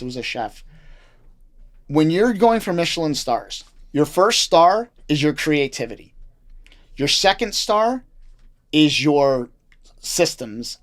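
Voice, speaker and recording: A man who is a chef and restaurant owner, talking bluntly and with animation as a guest in a casual interview, swearing freely. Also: a little high.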